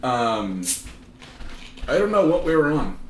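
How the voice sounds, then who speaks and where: A man co-hosting a loose podcast chat, his pitch leaping around as he rambles and bursts into loud excitement. The sound is roomy and echoey, as if the mic sits some distance away, with faint room ambience underneath. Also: slow, a loud crowd. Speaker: podcast co-host. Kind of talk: casual chat.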